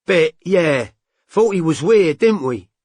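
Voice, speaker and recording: A woman's voice: lowish voice, expressive, slow, a little mellow, no room sound, voice pushed up. A male narrator voicing a brash, foul-mouthed young mother with a coarse, slangy way of talking. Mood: chatty. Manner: blunt, coarse, working-class slang.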